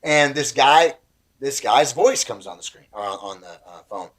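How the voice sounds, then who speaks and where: A man in his thirties tells a story in relaxed podcast chat. His voice sits in a middle pitch but swings widely as he acts out other people's lines, and he gets excitable as the story builds. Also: normal speed. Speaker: pastor and podcast guest. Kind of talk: casual storytelling.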